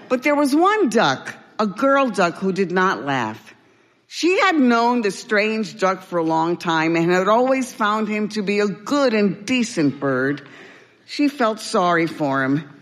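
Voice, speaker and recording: Slow, gentle woman reading a story. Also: medium pitch, big-room sound.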